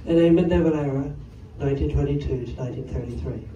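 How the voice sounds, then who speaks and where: This stand-up comedian has a mellow, medium-pitched voice and talks fast, doing crowd work in a wry, rambling way on a comedy club stage. He's recorded live from afar in a roomy club, with audience laughter and crowd noise behind him.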